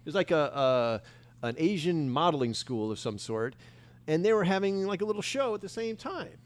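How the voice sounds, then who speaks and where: Enthusiastic man with a raised pitch. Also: sing-song, moderate pace. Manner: enthusiastic, interjects often. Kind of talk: casual chat.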